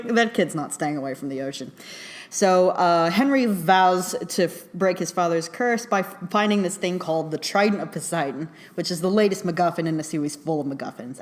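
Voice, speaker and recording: A woman with a fairly low voice talks through a film review in a chatty, excitable way. She laughs often and scatters fillers through her talk. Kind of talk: casual spoken film review.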